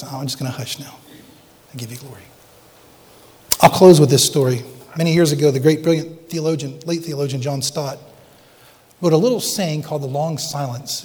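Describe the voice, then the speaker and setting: A pastor delivers a sermon in a somewhat high voice, earnest and dramatic. He reads a story aloud, sometimes falling to a hush. His words ring with the long reverb of a church sanctuary. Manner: earnest, dramatic readings with hushed pauses.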